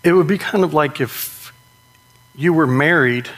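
A man preaching a sermon in a conversational way, often asking "right?" and slowing down to stress key points. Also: a little high, fairly bright tone. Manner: conversational, with frequent rhetorical "right?".

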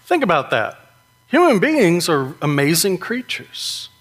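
A man preaching a sermon in a conversational way, often asking "right?" and slowing down to stress key points. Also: high-pitched, big pitch swings, fairly bright tone. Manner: conversational, with frequent rhetorical "right?".

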